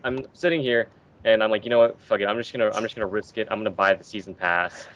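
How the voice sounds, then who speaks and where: Low-pitched male co-host, jokey rambling storyteller, lo-fi voice chat. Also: fast talker, fairly bright tone, a little hiss or hum. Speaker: podcast co-host. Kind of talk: casual group chat.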